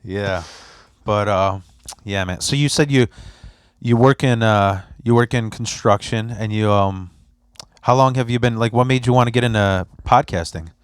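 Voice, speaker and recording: A man's voice: on the low side, moderate pace, clean tone, no echo, studio quality. A young adult man hosting a podcast, chatting casually and telling loose, profane stories. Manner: loose, rambling, profane storytelling with put-on voices. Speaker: podcast host.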